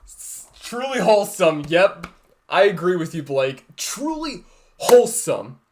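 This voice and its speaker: A man hosting a fan reaction video, gushing and shouting with excitement over the show he is watching. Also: sits high, a little slow.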